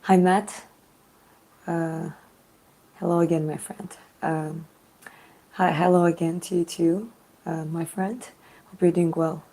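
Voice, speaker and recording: Woman, hoarse recovering voice, low and slow, halting casual live stream vlogger. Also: steady tone, rough recording. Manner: soft and halting, many fillers. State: voice hoarse and deeper from losing it. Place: small studio apartment indoors.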